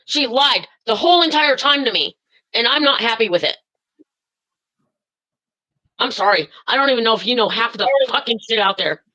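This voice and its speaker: High, bright-voiced woman ranting angrily. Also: animated, moderate pace, pauses often, rough recording. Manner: furious, swearing, rambling with many fillers. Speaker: caller. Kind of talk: angry live-stream call.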